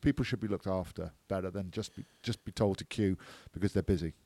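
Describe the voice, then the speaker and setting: A man's voice: sits low, fast, dark tone, no echo. A man, chatting on a podcast, teasing and grumbling. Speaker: podcast co-host. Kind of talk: casual chat.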